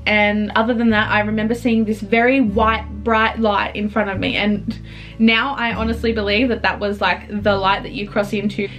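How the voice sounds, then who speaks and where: A young woman, telling a personal story in an earnest, halting way, with restarts. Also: a little high.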